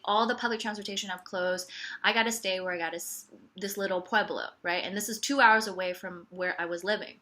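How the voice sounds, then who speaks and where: A woman with a fairly high, bright, forceful voice tells a personal story on her podcast, candid and wry. She sarcastically repeats "it's okay" and fills her talk with casual "like" and "you know."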